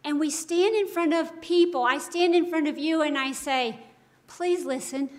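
A woman's voice: high voice, normal speed. A woman giving a devotional Bible teaching, earnest and emphatic, full of rhetorical questions.

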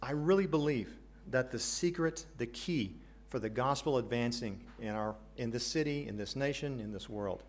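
A man's voice: mid-range voice, moderate pace, few pauses. An American man preaches a sermon in an earnest tone. He puts questions to the congregation and drops in light jokes between his points. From United States. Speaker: pastor.

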